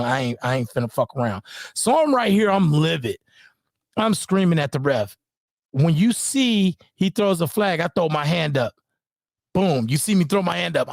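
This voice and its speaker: A father breaking down his son's game footage in casual screen-share commentary, heated and profane, repeating "boom" as he points things out. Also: vocal fry, no echo, clean studio sound. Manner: heated, profane, repeats "boom" and "you know what I'm saying".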